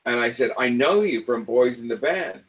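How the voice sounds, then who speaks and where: An older man from Los Angeles, an acting coach, telling personal stories in a lively way and acting out the voices of the people in them. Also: mid-range voice, moderate pace, low-quality recording. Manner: animated, acts out the voices of people in his stories. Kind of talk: personal storytelling.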